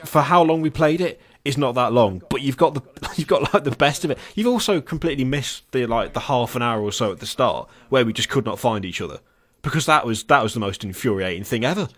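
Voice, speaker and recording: A man's voice: mid-range voice, lively intonation, a little fast. A man co-hosting a casual chat, rambling and laughing between phrases. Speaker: co-host.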